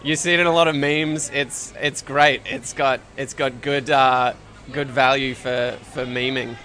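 A man's voice: mid-range voice, fairly even intonation, a little slow, bright, forceful tone. A man chatting casually as a contestant, speaking hesitantly with restarts. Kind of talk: casual chat.

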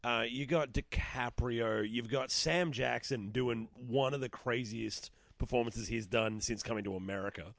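Australian man, mid-pitched, eager, casual swearing, dead dry sound. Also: measured pace, creaky, hardly any pauses, fairly bright tone, no echo. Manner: enthusiastic, swears freely, many restarts. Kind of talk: casual film discussion.

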